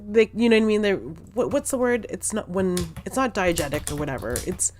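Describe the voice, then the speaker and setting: A woman co-hosting a podcast, chatting in a relaxed way and laughing now and then. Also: mid-range voice, fairly quick, slight background noise. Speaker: podcast co-host. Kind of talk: casual podcast chat.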